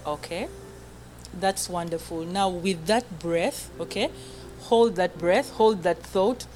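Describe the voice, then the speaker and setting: A choir vocal coach with a fairly low, darkish voice leads a group breathing and singing lesson slowly, counting aloud, giving short commands and often checking in with "okay?". Soft background music plays, and the recording is low quality.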